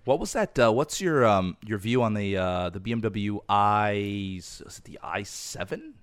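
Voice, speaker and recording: Low-voiced guy hosting a car podcast, dry close sound, rambly and casual. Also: lively intonation, moderate pace, no echo. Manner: chatty, rambling with fillers. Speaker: podcast host.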